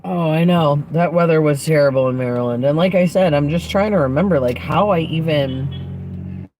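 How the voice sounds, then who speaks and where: A woman's voice: low-pitched, normal speed, dark tone, faint music behind. A woman hosting a casual livestream from inside a parked car, chatting in an upbeat, rambling way. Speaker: livestream host. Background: passing traffic.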